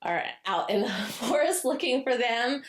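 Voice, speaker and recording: A woman co-hosting a podcast, chatting loosely about a book, with many fillers and laughs, and now and then she acts out the characters' lines in a playful high voice. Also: lively intonation, a little slow. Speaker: podcast co-host. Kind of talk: casual book-discussion chat.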